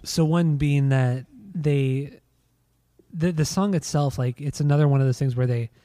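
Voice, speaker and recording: Casual man with a mellow, dry voice. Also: a little high, a little slow, dry recording. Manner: loose, swearing, trailing off and restarting. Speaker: podcast co-host. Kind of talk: casual chat about music.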